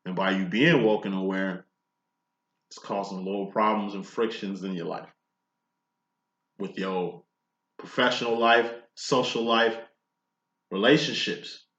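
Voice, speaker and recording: A man's voice: on the low side, fairly bright tone. A man giving a casual tarot reading, talking in a blunt, profane, preachy way. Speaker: tarot reader. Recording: echoey room, dull lo-fi sound.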